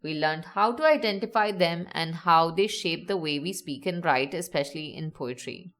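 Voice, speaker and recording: A woman giving a scripted educational narration, upbeat and instructive, slowing down to stretch words for emphasis. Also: low-pitched, fairly bright tone. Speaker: teacher.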